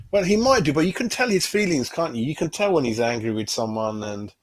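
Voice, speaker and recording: Chatty man saying mate a lot. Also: fairly low pitch. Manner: chatty, says mate constantly, many tag questions. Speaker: fan channel host. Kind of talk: casual livestream chat.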